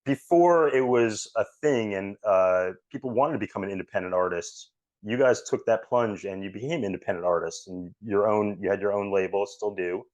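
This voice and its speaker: A man's voice: fairly low pitch, moderate pace, a little mellow, no room sound. A man hosting an interview, asking questions with many restarts and open enthusiasm for his guest. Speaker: interview host.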